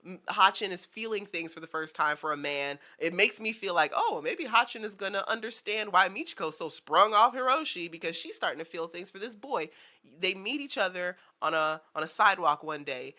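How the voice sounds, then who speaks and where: A young woman co-hosting a casual anime discussion, retelling episodes with lively acted-out lines. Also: lowish voice, a little fast. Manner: animated storyteller, acts out characters' lines. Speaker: podcast co-host.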